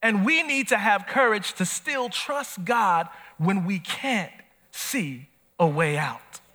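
A man preaching a sermon as pastor, animated and swinging from soft to shouting. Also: high-pitched, slow pace. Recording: long hall reverb.

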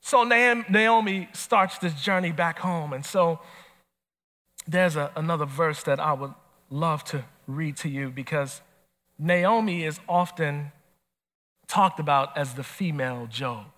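A man preaching a sermon as pastor, animated and swinging from soft to shouting. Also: a little high, unhurried. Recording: long hall reverb.

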